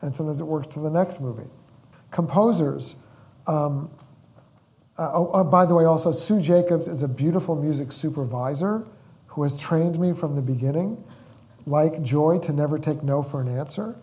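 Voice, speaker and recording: Brief: male director at a Q&A, slightly high, mellow voice, rambles through his stories and acts out the quotes. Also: normal speed. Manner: rambling, repeats words, acts out the quotes he tells. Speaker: film director speaking at a Q&A. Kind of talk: anecdotal storytelling at a Q&A.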